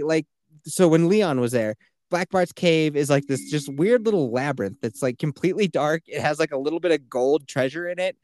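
Podcast host, man, thirties, casual swearing raconteur, lively pitch, dry close recording. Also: normal speed, no room sound. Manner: animated storytelling, swearing, acting out quotes. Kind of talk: casual chat.

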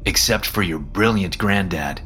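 A man voicing Lucifer, a smug and mocking male devil who speaks calmly and knowingly in a horror story reading. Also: low-pitched, a little slow, slight background noise.

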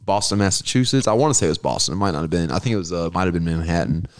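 A man's voice: deep voice, racing, dry recording, clean studio sound. A man co-hosting a podcast, telling a long rambling story in a profane, casual way. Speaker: podcast co-host. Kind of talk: casual chat.

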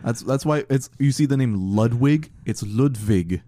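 Mellow-voiced man joking with friends. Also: medium pitch, steady tone, fairly quick, dry recording, studio quality. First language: German. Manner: joking, chatty, lots of restarts. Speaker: podcast co-host. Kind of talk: casual chat.

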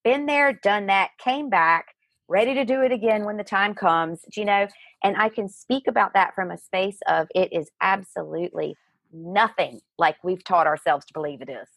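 A middle-aged woman, a guest in an interview, telling a personal story in an earnest, animated way. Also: medium pitch, moderate pace, gravelly, no room sound. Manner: earnest, animated retelling with acted quotes.

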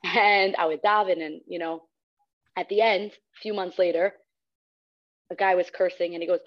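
Young female guest, storyteller who acts out quotes, low-ish voice, dull recording. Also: fairly even intonation, normal speed. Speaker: guest, radio host. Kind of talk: casual storytelling in an interview. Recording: slightly muffled recording.

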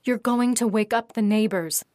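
A woman voicing a calm, patient neighbor who speaks softly and quietly. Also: fairly high pitch, moderate pace, no room sound, studio quality, lightly acted.

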